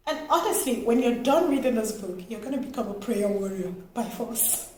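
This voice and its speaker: A woman from Nigeria giving a casual, animated book review, laughing now and then. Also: a little high, normal speed. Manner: animated, expressive, laughs often. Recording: echoey room, faint noise.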